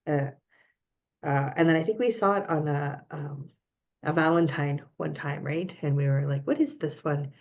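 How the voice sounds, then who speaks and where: A woman's voice: sits low, moderate pace, a little mellow, lo-fi sound. A woman student asking her teacher questions in an online class, hesitant and full of fillers. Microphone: video call.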